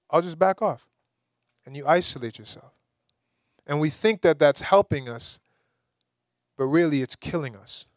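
A young man from the Caribbean preaching a sermon, lively and rising to emphatic peaks. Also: a little high, no room sound, studio quality.

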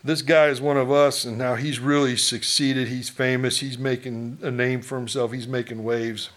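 A man's voice: medium pitch, level tone, moderate pace, hardly any pauses, a bit bright. A middle-aged man preaching a sermon as pastor, in a conversational way, asking the congregation questions and acting out townsfolk.

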